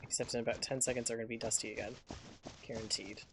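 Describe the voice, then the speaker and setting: A man's voice: mid-range voice, flat delivery, fast, background noise. Man streamer thinking aloud over gameplay. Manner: rambling, thinking aloud while playing. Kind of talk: casual live gameplay commentary.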